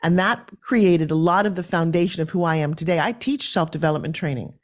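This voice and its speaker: A woman from New York, a podcast guest, telling her story in an animated and forthright way. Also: lowish voice, brisk.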